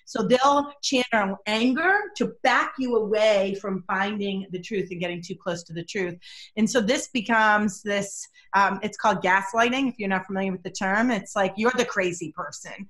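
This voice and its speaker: Energetic woman telling stories as an expert. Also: medium pitch, normal speed. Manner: energetic, storytelling, emphatic. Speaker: body language expert guest. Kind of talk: podcast interview.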